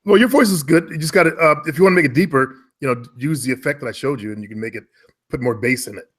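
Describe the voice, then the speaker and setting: A man with an American accent, chatting casually and giving relaxed, talkative advice about voice work. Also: fairly high pitch, very fast. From United States. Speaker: guest, former radio and commercial voice talent. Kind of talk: casual conversation.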